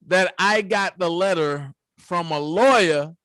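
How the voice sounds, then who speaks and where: A man's voice: sits high, slow, a bit bright, no echo. A man hosting his own commentary channel, talking in a casual, profane, storytelling way. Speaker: channel host.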